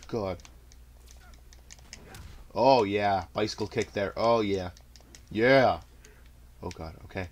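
A young man with a fairly low voice narrates his own fighting-game match out loud, jumping between muttered asides and bursts of trash talk. He laughs at his own jokes, and keyboard typing can be heard behind him. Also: measured pace, long pauses. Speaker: gameplay commentator. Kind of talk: live gameplay commentary.

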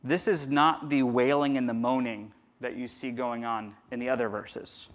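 A man preaching a conversational sermon as pastor, swinging from loud emphasis to a near-whisper. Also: mid-range voice, steady tone, moderate pace. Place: church.

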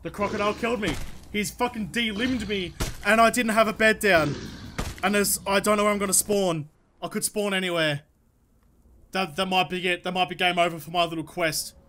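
Young male let's player: high, bright voice, excitable, foul-mouthed, yells at the game. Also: a little fast, slight background noise. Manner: excitable, swears constantly, talks to the game's creatures. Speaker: let's play host. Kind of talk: live gameplay commentary.

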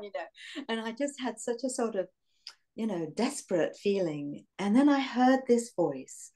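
A woman in her sixties with an English accent, reminiscing in an interview in a reflective, halting way with fillers and soft laughs. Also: medium pitch, expressive. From England. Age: 60s.

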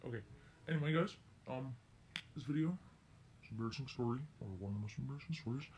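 A man's voice: mid-range voice, fast talker, a little mellow, a little hiss or hum. A teenage boy telling a rambling, self-correcting story in a casual story-time vlog. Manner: rambling, circling back and correcting himself. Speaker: vlogger.

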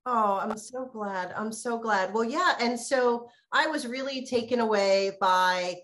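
A woman's voice: a little high, measured pace, fairly bright tone, a little hiss or hum. A woman hosting an interview, asking encouraging questions. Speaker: interview host.

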